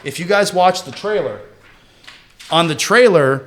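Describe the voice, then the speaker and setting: A man's voice: on the high side, lively intonation, unhurried, fairly bright tone, slight background noise. A man hosting a casual movie discussion podcast, joking and theatrical as he leads it. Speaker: podcast host.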